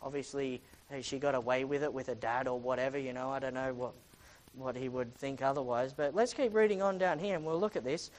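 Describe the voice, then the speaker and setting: A preacher teaching from a Bible passage, reading scripture aloud and retelling it dramatically with many rhetorical questions, often swinging between loud and hushed. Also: mid-range voice, steady tone, brisk, low-quality recording.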